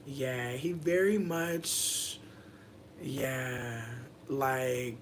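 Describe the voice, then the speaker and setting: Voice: medium pitch, very slow, a little hiss or hum. A young adult content creator chatting loosely on a livestream, telling a rambling, profane story full of fillers and stopping to answer viewer comments. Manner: animated, jumps between story and viewer comments. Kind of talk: casual livestream chat.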